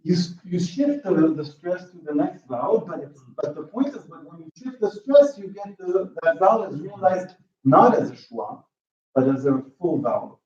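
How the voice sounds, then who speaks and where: A man giving an academic talk in linguistics, halting and restarting often, checking in with the audience. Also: sits high, sing-song, a little mellow, distant mic. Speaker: linguistics lecturer. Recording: roomy lo-fi hall recording from afar.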